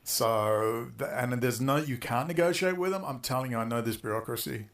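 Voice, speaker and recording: Man, mid-pitched and gravelly, delivering a rambling furious rant full of swearing. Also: moderate pace, a bit bright. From Australia. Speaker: online video maker. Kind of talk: profane angry rant.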